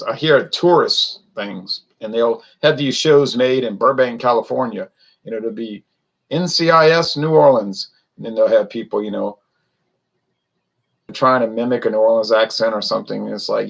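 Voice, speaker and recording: Man from Louisiana with a gravelly voice and mid pitch, wry, rambling host chatting with viewers. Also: normal speed, fairly bright tone, low-quality recording. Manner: wry, rambling, self-correcting, talks to viewers. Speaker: beer reviewer. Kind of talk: casual solo livestream chat.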